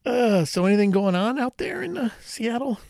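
A man co-hosting a podcast, chatting casually and telling an animated story, acting out quoted lines. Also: extremely high pitch, normal speed, vocal fry, dry recording, clean studio sound. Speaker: podcast co-host. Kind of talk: casual chat.

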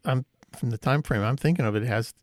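A man's voice: mid-range voice, fairly quick, no room sound. A middle-aged man co-hosting a podcast, chatting casually with dry, wry humor. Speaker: podcast co-host. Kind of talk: casual chat.

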